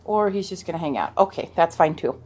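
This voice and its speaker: A woman's voice: on the low side, expressive, brisk, warm tone. A woman chatting casually in a home vlog, playful and talking to her dog as she sets up her room. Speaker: vlogger. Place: at home, in a room being set up. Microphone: camera.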